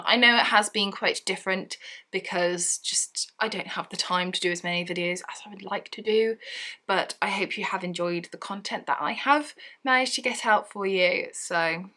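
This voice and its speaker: A woman's voice: medium pitch, pushed and bright. A young woman vlogging from home, ranting casually about a book she disliked, chatty and exasperated with frequent laughs. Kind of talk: casual book review rant.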